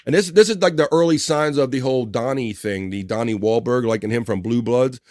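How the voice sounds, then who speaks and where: A man's voice: mid-range voice, fairly quick, a little mellow, no room sound. A man with a Baltimore accent and a slight drawl hosts a live stream, talking loose and profane. His voice sits in a middle register, recorded dry and close with no room sound. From Baltimore, Maryland. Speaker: podcast host. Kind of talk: casual chat.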